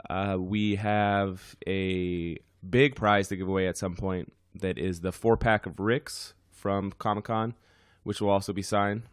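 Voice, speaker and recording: A man hosting a podcast with a hoarse, worn-out voice, chatting casually with many fillers. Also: low voice, steady tone, a little slow, no echo, clean studio sound. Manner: rambling, frequent fillers. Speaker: podcast host.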